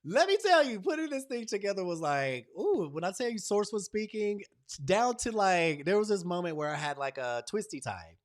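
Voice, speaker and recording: A man hosting his own live stream, telling stories and giving a spiritual pep talk. He is animated and affectionate, calls viewers y'all and baby, and swings between loud excitement and a soft hush. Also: high-pitched, moderate pace. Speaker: channel host.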